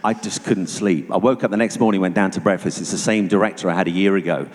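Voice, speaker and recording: A man giving a personal testimony to an audience as a guest speaker, telling it vividly and going hushed at tense moments. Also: low voice, steady tone, quick pace. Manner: vivid storytelling, dropping to hushed tones for tension. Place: church hall. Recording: long reverb of a church hall.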